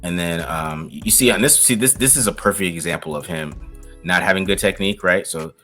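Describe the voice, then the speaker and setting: A man's voice: deep voice, fairly quick, bright, forceful tone, soft background music. A man co-hosting a casual film-review chat, talking loosely with lots of restarts and laughs. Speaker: podcast co-host breaking down game film.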